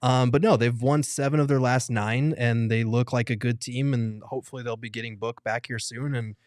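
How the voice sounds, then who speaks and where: Male podcast analyst, measured and thoughtful, middle pitch, dry studio-close mic. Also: steady tone, a little mellow, smooth, no room sound. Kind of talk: sports podcast chat.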